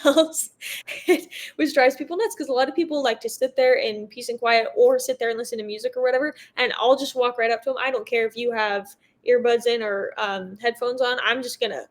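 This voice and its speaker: Chatty young American woman, fairly high. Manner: chatty, laughs often, many fillers. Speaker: guest, motocross racer. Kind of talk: casual interview chat.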